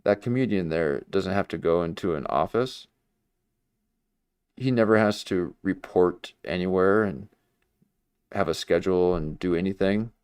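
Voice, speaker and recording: A man's voice: sits low, unhurried, long pauses, darkish tone, clean tone, no echo. A man hosting a livestream, rambling in casual, self-mocking commentary. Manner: rambling, self-mocking, jumps into mock voices. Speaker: livestream host.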